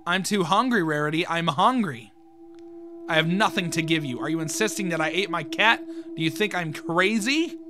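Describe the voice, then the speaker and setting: A man's voice: a little high, normal speed, pushed and bright, slight background noise. A man voicing a ravenous menacing pony girl. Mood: menacing hunger. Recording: music playing underneath.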